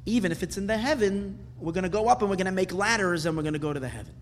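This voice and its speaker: A man's voice: sits high, very fast, a little hiss or hum. A man teaching a Torah class, asking questions and rising into emphatic bursts. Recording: hall reverb with faint ambience.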